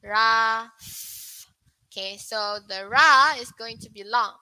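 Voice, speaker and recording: A young woman teaching an online English pronunciation lesson, asking viewers questions and repeating words slowly. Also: on the high side, pushed and bright, dry recording, low-quality recording. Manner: slow, repetitive, questions to viewers.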